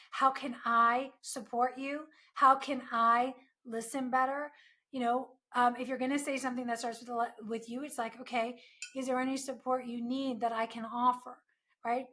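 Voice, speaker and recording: A woman's voice: a little high, pushed and bright. A woman hosting an advice podcast, talking earnestly in a coaching tone with frequent rhetorical asides. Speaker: podcast host.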